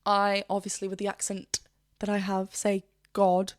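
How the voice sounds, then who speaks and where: A woman's voice: mid-range voice, completely flat delivery, normal speed, no room sound, clean studio sound. A woman vocal coach reacting to a song, chatting about technique and breaking into short sung demonstrations. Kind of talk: reaction video with vocal analysis.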